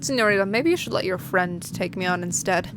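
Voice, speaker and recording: A woman's voice: medium pitch, a little fast, noisy background, natural voice. Woman reading as a cocky sneering mercenary man. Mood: taunting.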